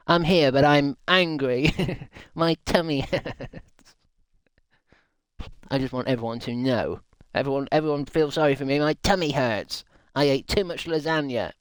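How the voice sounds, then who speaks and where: A man's voice: a little slow, smooth, no echo, clean studio sound, natural voice. A man putting on a whiny sulky woman. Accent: British. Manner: whiny, self-pitying, put-on high voice. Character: sulky grumpy woman viewer with a tummy ache.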